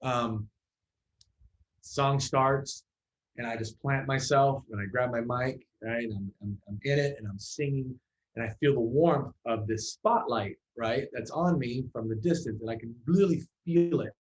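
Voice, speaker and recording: A male musician telling a story as an interview guest. His voice sits at a middle pitch, and his delivery is loose and chatty, full of "like"s and restarts. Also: measured pace, rough recording. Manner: animated storyteller with many fillers and restarts.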